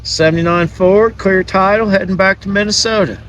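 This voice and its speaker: A man's voice: high voice, steady tone, moderate pace, fairly bright tone, a little hiss or hum. A man hosting a car restoration vlog, chatting casually and folksy while he works and hands out plain advice. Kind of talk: casual chat and work narration.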